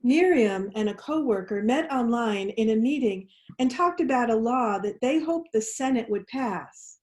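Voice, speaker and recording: A woman minister telling a story during a worship service, gently leading the congregation in responsive lines. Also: fairly high pitch. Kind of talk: storytelling sermon.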